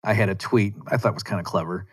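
A man's voice: lowish voice, fairly even intonation, fast, husky. A man hosting a podcast, talking through a long, sarcastic, rambling rant and often interrupting himself. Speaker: podcast host. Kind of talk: casual monologue rant.

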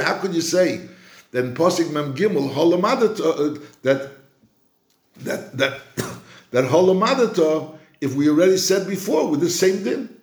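A male rabbi teaching a Torah class, slowly chanting quoted verses and then reasoning through them with many restarts. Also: fairly high pitch. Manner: frequent restarts and repeated words while reasoning. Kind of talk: Talmudic-style lecture. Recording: roomy echo.

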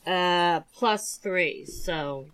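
A woman playing a tabletop game, chatting casually and slowly. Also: on the low side, a bit bright, low-quality recording. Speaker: player.

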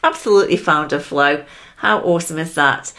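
A woman's voice: low voice, fairly quick, a bit bright. A woman hosting a solo podcast, chatty and giggly, talking straight to the listener. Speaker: podcast host. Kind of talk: upbeat solo podcast talk.

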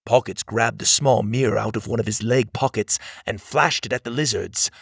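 A man narrating a children's adventure story in an expressive storytelling manner. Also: lowish voice, normal speed, gravelly, slightly rough, no echo, clean studio sound.

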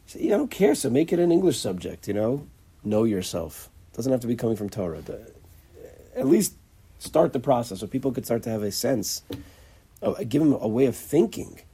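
Male religious teacher, raspy and dark-toned, halting informal lecture with lots of repeated words. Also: mid-range voice, sing-song. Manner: halting, repeats words, acts out little dialogues.

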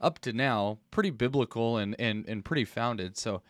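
A man co-hosting a religious talk show, answering thoughtfully with ums and pauses. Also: medium pitch, no echo. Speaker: co-host. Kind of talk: casual discussion.

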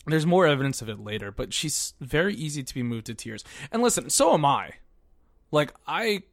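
Animated chatty man, dry close mic. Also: on the high side, a little fast, gravelly, no room sound. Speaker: podcast co-host. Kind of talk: casual chat.

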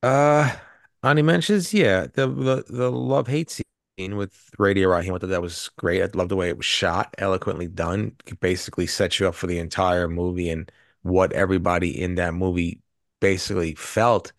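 A man's voice: sits low, fairly even intonation, normal speed, gravelly, dry recording, studio quality. A man co-hosting a podcast, talking through favorite film scenes in a rambling way with frequent restarts. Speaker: podcast co-host. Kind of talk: casual movie review chat.

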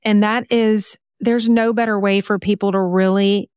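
A woman with a smooth, clear, mid-pitched voice hosts a casual interview. She talks in a thoughtful, encouraging way and slows her words to stress what matters. The sound is dry and close to the mic. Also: fairly even intonation, no echo. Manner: warm praise, thoughtful, slows down to stress points. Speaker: podcast host.

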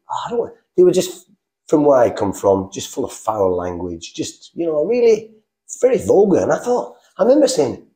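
Animated middle-aged man from England. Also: mid-range voice. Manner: animated, acts out quoted voices, frequent restarts. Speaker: guest telling his testimony. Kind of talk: casual storytelling.

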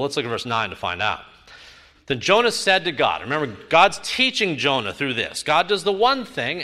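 A man teaching a sermon on a Bible passage, emphatic and building to forceful repetition. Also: a little high.

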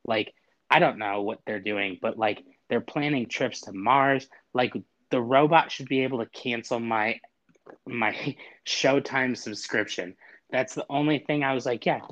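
A man's voice: medium pitch, fairly bright tone. A man casually telling a story, acting out both sides of a frustrating phone call with exasperated humor. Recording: dull lo-fi audio.

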